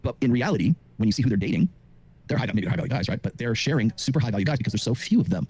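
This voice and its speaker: A middle-aged man who lectures with rapid confidence, full of fillers, as a dating commentator on a podcast. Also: mid-range voice, expressive, a little mellow, breathy edge. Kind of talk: monologue on a podcast.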